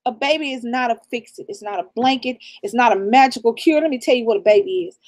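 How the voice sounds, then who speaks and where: A woman's voice: a little high, fast talker, a little mellow. A middle-aged woman raised in the American South, co-hosting a casual live stream and giving blunt, profane advice with laughter. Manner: blunt, profane, preachy real talk with laughter. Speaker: channel co-host.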